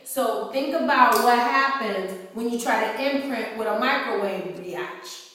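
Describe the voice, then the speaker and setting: A woman from New York speaks her mind in a blunt, heated monologue full of profanity, her voice sitting a little high. She is recorded on a phone some way off, so her voice comes through thin and distant. A long, ringing echo fills the hall around her. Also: unhurried, fairly bright tone. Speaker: author talking to her fans. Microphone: iPhone camera mic. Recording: echoey hall, far from the mic.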